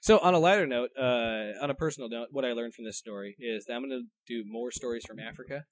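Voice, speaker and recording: A man's voice: medium pitch, quick pace. A man co-hosting a casual comedy podcast, reading out odd news stories and stumbling over his notes.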